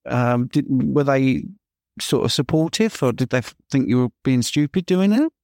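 A man's voice: mid-range voice, lively intonation, normal speed, a little mellow, dry recording, studio quality. A man hosting an interview, chatty and loose, often restarting his questions mid-sentence. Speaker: interview host. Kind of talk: casual interview conversation.

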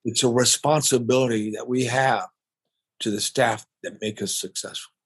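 An older man, a guest on a podcast, telling stories about his family business in a warm, reflective way. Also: medium pitch, fairly even intonation, moderate pace, slightly rough. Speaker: guest, family restaurant owner. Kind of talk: casual interview storytelling.

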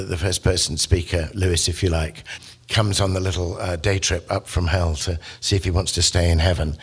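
Male lecturer, husky and low, animated storyteller. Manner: animated storytelling, acts out quotes. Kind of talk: literature lecture.

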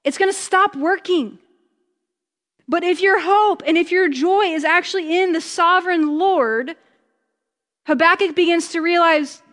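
A woman preaching a conversational sermon, chatty and joking, slowing down for emphasis. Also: very high-pitched, a bit bright, big-room sound.

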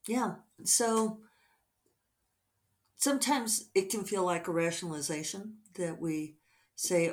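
A middle-aged woman author talking casually over morning coffee, reflective and rambling with soft fillers. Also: low voice, a little slow, vocal fry.

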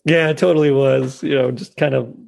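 Gravelly man recapping a show. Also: mid-range voice, fairly even intonation, fairly quick, a little mellow. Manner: laughs often while retelling scenes. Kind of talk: casual chat recapping a TV episode.

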